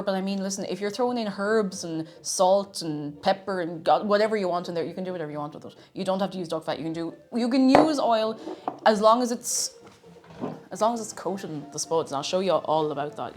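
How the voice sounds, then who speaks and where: Chatty Irish woman streaming while cooking. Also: medium pitch. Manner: chatty, reads viewer messages aloud and answers them; talks while snacking, sometimes with a full mouth. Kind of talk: casual cooking livestream chat.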